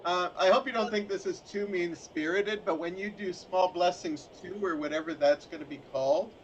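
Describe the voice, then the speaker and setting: A man's voice: high voice, moderate pace, muffled recording, slight background noise. A man hosting a talk show, chatting casually and laughing often. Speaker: show host. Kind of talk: casual chat.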